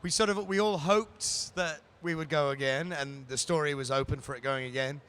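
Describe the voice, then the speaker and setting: Kiwi guy being interviewed, jokey, lots of ums, smooth clear voice. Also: fairly high pitch, a bit bright. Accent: New Zealand. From New Zealand. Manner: playful, joking, often pauses with fillers. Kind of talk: casual chat at a live event.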